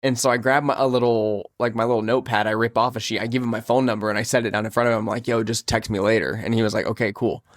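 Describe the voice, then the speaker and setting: A young man co-hosting a podcast, casually telling a story in an animated way while sick and feeling weak. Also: fairly low pitch, fast talker, few pauses, no echo, studio quality. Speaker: podcast co-host. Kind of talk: casual chat.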